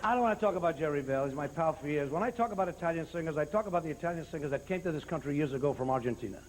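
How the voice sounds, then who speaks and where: A man, a stand-up comedian, talking to a live audience with quick, joking asides. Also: fairly high pitch, animated, background noise. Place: live stage show with a band.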